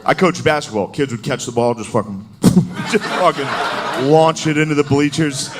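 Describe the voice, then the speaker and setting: Loose, profane stand-up comedian on stage. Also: male voice, on the high side, moderate pace. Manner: loose, profane, conversational, peppered with "dude". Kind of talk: live stand-up routine. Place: live comedy venue on stage. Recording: noisy live stage recording.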